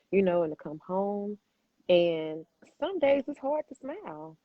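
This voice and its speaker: A woman's voice: fairly low pitch, dry recording, phone-quality sound. Emphatic woman talking straight, calls you baby. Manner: emphatic, preachy, swears freely; addresses listener as baby and boo. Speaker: podcast host. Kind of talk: candid podcast conversation.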